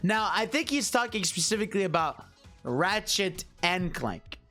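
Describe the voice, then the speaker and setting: Animated male podcast host. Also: high-pitched, moderate pace, faint music behind. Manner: animated, filler-heavy, agreeable. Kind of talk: casual gaming podcast chat.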